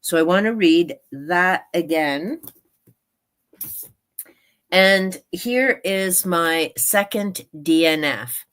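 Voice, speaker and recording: A woman's voice: on the low side, animated, extremely slow, long pauses, a bit bright. A woman hosting a book live stream, chatting casually in a meandering way and laughing often. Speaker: book channel host.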